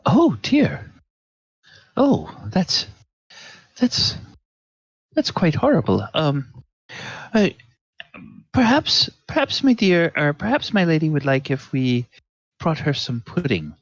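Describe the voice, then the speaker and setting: A man's voice: fairly high pitch, big pitch swings, takes it slowly, pauses often, no echo, dull audio, pitched above the performer's own voice, full character voice. A man voicing a polite, flustered palace server who stammers out offers with fussy courtesy.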